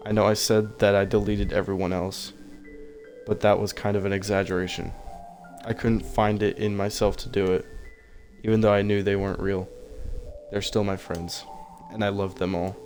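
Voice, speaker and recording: A man reading aloud the lines of a desperate, lovesick teenage girl from a game, in a plain, flat voice. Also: fairly low pitch, normal speed, soft background music, natural voice. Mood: remorseful.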